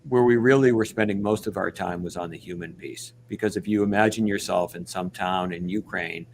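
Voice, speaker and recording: A man's voice: deep voice, slight background noise. A man speaking earnestly and reflectively as a guest on a panel discussion, often restarting his sentences.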